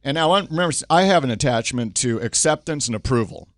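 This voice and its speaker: A middle-aged man hosting a talk, coaching through conflict with animated stories and acted quotes. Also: medium pitch, fast, no room sound, studio quality. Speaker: host and coach. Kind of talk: casual talk show conversation.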